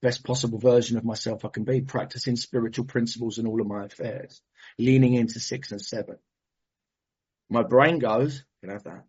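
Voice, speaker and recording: Man, husky, earnest rambling share, muffled call audio. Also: mid-range voice, fairly even intonation, normal speed, darkish tone. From Brighton, England. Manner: heartfelt, rambling, self-interrupting. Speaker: recovery meeting speaker. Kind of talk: personal share and prayer.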